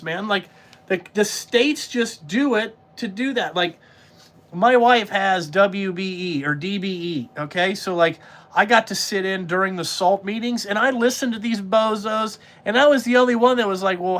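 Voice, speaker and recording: A man's voice: sits high, moderate pace, a bit bright. A middle-aged man, ranting bluntly and profanely in casual podcast talk about his trucking trade. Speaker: podcast host, trucking business owner.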